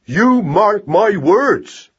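A man's voice: high voice, expressive, drawn-out words, breathy edge, voice pushed up, heavily acted. A man voicing an eager, blunt young mouse, on a dull lo-fi recording. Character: young male mouse, newly talkative.

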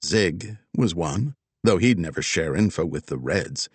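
A man narrating a crime story as an audiobook, with expressive, dramatic storytelling. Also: low voice, unhurried, breathy edge, no room sound.

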